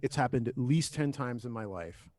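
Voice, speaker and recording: A man co-hosting a casual podcast, talking at an ordinary middle pitch. He rambles, restarts his sentences and swears freely as he chats with his guests. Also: lively intonation, normal speed, darkish tone. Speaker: podcast co-host. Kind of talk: casual chat.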